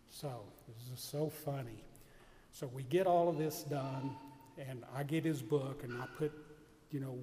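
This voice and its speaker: A man delivers a homily as a lively anecdote, acting out the other voices in quoted back-and-forth. His voice sits a little high. A long reverb from a large hall trails his words. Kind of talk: storytelling homily.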